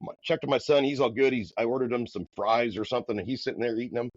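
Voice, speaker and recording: A man from the Midwest, a podcast guest, telling a story in a loud, energetic, casual way. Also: medium pitch, quick pace, no room sound. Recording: dull, dry podcast audio.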